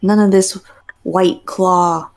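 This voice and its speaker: A woman's voice: on the low side, steady tone, slow pace. A woman on a game stream giving a playful, theatrical mock movie-trailer narration, dropping into whispers and laughing between phrases. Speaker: stream co-host.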